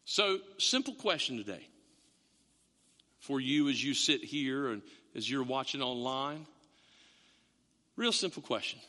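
Lively, sharp-voiced male preacher. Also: medium pitch, a little slow, long pauses. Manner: animated, self-interrupting storyteller. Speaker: pastor. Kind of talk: sermon. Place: church sanctuary, also streamed online. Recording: long reverb of a church hall.

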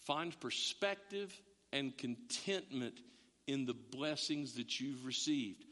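A middle-aged man preaching a sermon as a pastor, animated, acting out voices and often restarting his words. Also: medium pitch, takes it slowly. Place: church sanctuary. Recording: long reverb of a church hall.

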